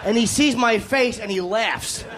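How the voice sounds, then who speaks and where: High-voiced man telling crude stand-up stories. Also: unhurried. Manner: crude, self-mocking, punchy delivery. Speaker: stand-up comedian. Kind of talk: stand-up storytelling. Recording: live set with audience laughter and room noise.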